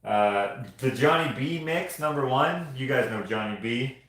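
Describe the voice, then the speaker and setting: A man's voice: mid-range voice, expressive, measured pace, a bit bright. A man casually chatting on a stream as he shows his artwork, rambling and joking. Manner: rambling, jokey, laughs often. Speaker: artist streaming show-and-tell. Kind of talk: casual livestream chat. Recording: very echoey room.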